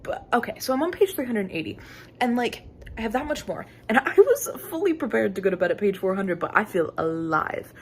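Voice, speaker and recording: A young woman vlogging about a book she is reading, thinking aloud and reacting with giggles, gasps and sudden high exclamations. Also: lively intonation, fairly quick, slight background noise. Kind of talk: casual reading vlog.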